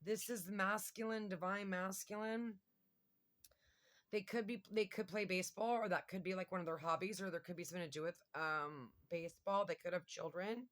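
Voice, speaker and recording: A woman's voice: medium pitch, steady tone, normal speed, a bit bright. A woman giving a casual tarot reading to her viewers, chatty and thinking aloud with lots of fillers. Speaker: tarot reader.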